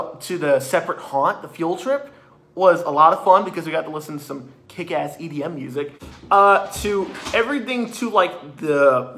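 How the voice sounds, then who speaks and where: A man excitedly retelling a haunted attraction visit in a casual, swearing review with many restarts. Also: a little high.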